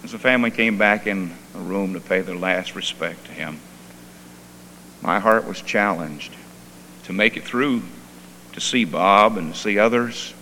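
A male pastor preaching a sermon. He tells stories softly, then rises into fervent preaching. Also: lowish voice. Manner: quiet storytelling that swells into fervent preaching. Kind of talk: sermon with personal storytelling. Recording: long reverb and faint hum.

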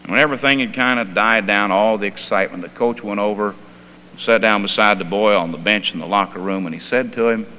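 A male pastor preaching a sermon. He tells stories softly, then rises into fervent preaching. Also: lowish voice, a little fast. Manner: quiet storytelling that swells into fervent preaching. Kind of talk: sermon with personal storytelling. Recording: long reverb and faint hum.

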